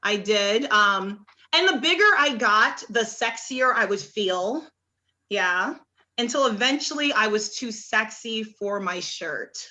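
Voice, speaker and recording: A young woman from Oklahoma performing a stand-up comedy set on a club stage, with a halting delivery full of restarts and dry punchlines. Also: mid-range voice, expressive, pushed and bright, a little hiss or hum.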